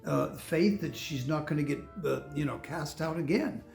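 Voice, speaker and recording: Older man, pastor, gravelly voice, chatty sermon, roomy echo, faint music. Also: fairly high pitch, normal speed, a little mellow. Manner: candid, chatty, laughs often, many restarts. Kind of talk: conversational sermon. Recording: echoey room with faint music.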